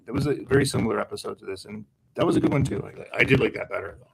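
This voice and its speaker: A man's voice: on the low side, very fast, gravelly, fairly bright tone, slightly rough, poor audio. A man co-hosting a podcast, musing aloud and drawing comparisons to other episodes. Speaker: podcast co-host. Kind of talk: casual podcast chat.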